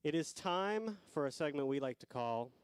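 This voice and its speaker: A man's voice: a little high, lively intonation, normal speed, background noise. A man co-hosting a church live stream, wry and self-mocking, reading news items with his partner. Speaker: co-host of a church livestream. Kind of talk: playful live-stream banter and mock newscast. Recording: long hall reverb.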